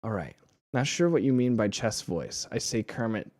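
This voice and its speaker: A man's voice: on the low side, lively intonation, normal speed, a little mellow, dry recording, studio quality. A man streaming casually while making music, rambling with fillers and laughing at himself. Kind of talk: casual live-stream chat.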